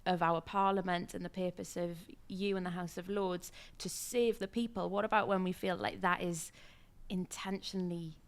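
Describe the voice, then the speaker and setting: A woman's voice: lowish voice, fairly even intonation, normal speed, smooth. Young woman co-host, probing questions. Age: young adult. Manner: probing, searching for words. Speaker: podcast co-host. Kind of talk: interview questions.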